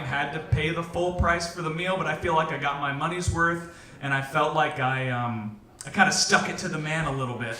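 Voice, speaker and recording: A young man tells a comic true story to a live crowd, his voice bright and ringing, with a fairly high pitch. He speaks with lots of ums and an animated delivery. The sound is roomy and echoey, as if picked up from a distance in a hall. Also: brisk. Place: event hall with audience.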